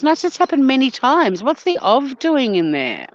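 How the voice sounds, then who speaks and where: A woman's voice: high-pitched, huge pitch swings, normal speed, no echo, lo-fi sound. Chatty Australian woman on a phone livestream. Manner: chatty, swears freely, laughs often. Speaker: livestream host. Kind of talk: casual live chat reading viewer comments.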